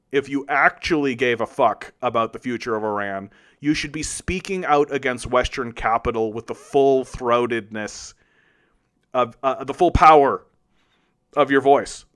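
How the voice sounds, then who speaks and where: A man's voice: medium pitch, unhurried, fairly bright tone. A man hosting a solo political commentary show, arguing with chat in a combative, sarcastic and profane way. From Canada.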